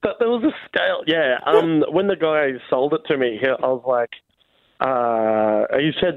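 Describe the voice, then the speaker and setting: A man's voice: mid-range voice, normal speed, dry recording, narrow, tinny audio. A comedian from Australia, a man chatting casually and laughing at himself. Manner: laughing, self-deprecating, chatty. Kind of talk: casual phone chat.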